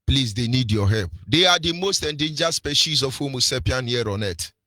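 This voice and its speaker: A man's voice: medium pitch, expressive, normal speed, sharp tone, no room sound. A man with a Nigerian accent giving impassioned political radio commentary, preachy, firing off rhetorical questions and sing-song emphasis. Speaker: radio presenter.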